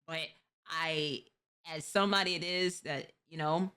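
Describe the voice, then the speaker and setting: A woman's voice: deep voice, fairly even intonation, a little slow, sharp tone, smooth. A woman in her twenties hosting a live stream, reacting casually and candidly lecturing with advice. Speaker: streamer host.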